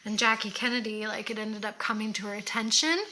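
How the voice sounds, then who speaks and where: A woman's voice: medium pitch, flat delivery, fast talker, bright, forceful tone. A woman co-hosting a casual chat while doing her makeup, easygoing and chatty, often trailing off mid-thought. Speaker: co-host.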